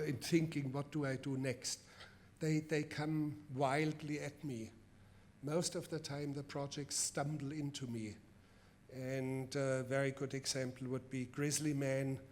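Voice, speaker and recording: A man with a German accent tells stories from his filmmaking at a public masterclass. His voice sits a little high for a man. He speaks deliberately and leans hard on key words. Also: a little mellow, slight background noise. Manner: deliberate, emphatic storytelling with restarts. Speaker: guest film director. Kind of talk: public masterclass, telling stories to answer questions. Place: festival event before a live audience.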